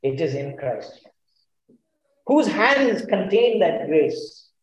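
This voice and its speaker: Earnest high-voiced preacher, echoey room. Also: male voice, very animated, slow pace, lo-fi sound. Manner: earnest, emphatic, asks the congregation questions. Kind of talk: sermon.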